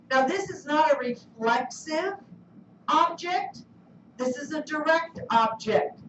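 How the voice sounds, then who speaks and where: High-voiced woman teaching a class. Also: a bit bright, slight background noise. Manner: questioning, coaxing students. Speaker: Spanish teacher. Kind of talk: classroom lesson. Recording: roomy, distant, dull classroom recording.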